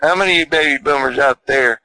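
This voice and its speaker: A man's voice: medium pitch, quick pace, sharp tone, dry recording, low-quality recording. An older man telling a personal story in a folksy, rambling, heartfelt way. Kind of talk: casual storytelling.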